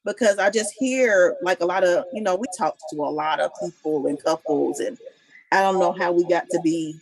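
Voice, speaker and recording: Passionate woman on a couples panel, lowish husky voice, dry sound. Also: normal speed, no room sound, rough recording. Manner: passionate, emphatic. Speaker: married guest on a couples panel. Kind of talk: casual panel discussion.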